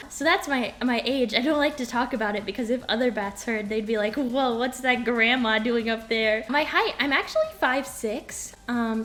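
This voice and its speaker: Bubbly high-voiced woman streamer. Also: fairly bright tone. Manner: bubbly and giggly, playful. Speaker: VTuber streamer. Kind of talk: casual live-stream chat.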